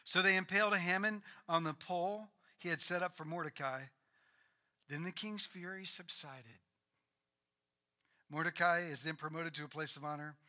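Man, preacher, high voice, very bright tone, animated storytelling sermon. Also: normal speed. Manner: animated storytelling, acting out biblical characters.

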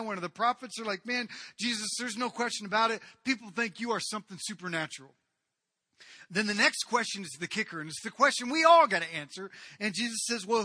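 High bright guy preaching, acts out the characters, dry close sound. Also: no room sound. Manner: animated, acts out the people in the story. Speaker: pastor. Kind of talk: sermon.

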